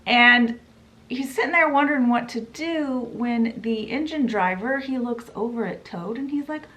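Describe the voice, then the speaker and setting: A woman's voice: on the high side, normal speed, bright, forceful tone, rough recording. A woman hosting a book channel, summarizing a classic story in a chatty, playful way with dramatic asides.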